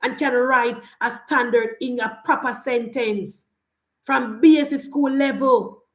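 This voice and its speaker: A woman's voice: on the high side, steady tone, slow pace, reverberant. A woman in her thirties with a Jamaican accent, giving a heated political rant and slipping between patois and standard English. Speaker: political commentator.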